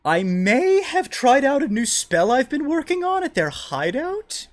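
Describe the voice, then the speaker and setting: Role: man voicing a perky young woman wizard in a tabletop game; high, squeaky, eager. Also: very animated, measured pace, exaggerated voice. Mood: bubbly. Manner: bubbly, high squeaky put-on voice.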